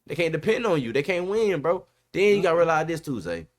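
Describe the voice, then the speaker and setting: A man's voice: on the high side, very animated, quick pace. A man hosting a podcast in casual sports chat, emphatic and repetitive, dropping "bro" often. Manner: emphatic, repeats himself, says bro a lot. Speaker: podcast host.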